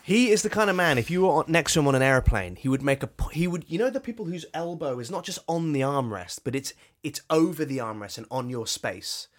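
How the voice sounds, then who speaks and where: A man's voice: fairly high pitch, lively intonation, a little fast, few pauses. A man co-hosting a comedy podcast, wry and mocking in casual chat. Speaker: podcast co-host.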